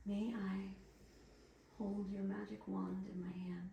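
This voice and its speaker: A woman giving soft, soothing guided instruction and gentle encouragement as a workshop instructor. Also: medium pitch, flat delivery, takes it slowly, creaky, muffled recording. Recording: roomy echo, distant mic, faint noise.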